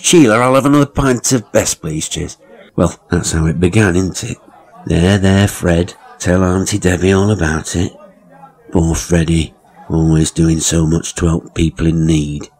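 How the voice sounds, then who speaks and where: A man's voice: sits low, a little mellow, husky. A man voicing a crude, smug middle-aged village gossip in a pub, with a coarse, knowing manner.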